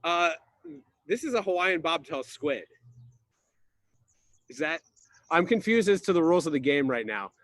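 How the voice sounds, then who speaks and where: A man's voice: fairly high pitch, sing-song, normal speed, pauses often, fairly bright tone, dry recording. A man playing Greg, a goofy drywall installer, rambling and confused through an improvised comic slideshow on a video call. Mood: puzzled. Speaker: presenter in a slideshow game.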